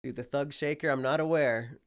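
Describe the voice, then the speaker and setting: A man's voice: mid-range voice, steady tone, brisk, smooth. A man with a sick voice chatting casually on a livestream, rambling and swearing freely. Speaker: streamer.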